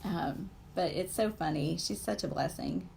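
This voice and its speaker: Woman, 40s, live-stream painting host, chatty and rambling, gravelly creak, faint background hiss. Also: lowish voice, measured pace, a little mellow. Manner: chatty, rambling, full of fillers and asides to viewers. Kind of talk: casual live-stream chat while painting.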